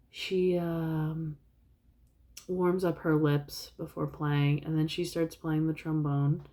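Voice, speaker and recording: A woman's voice: sits low, warm tone. A woman vlogger casually retelling a film plot in a rambling way. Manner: rambling, many fillers and restarts.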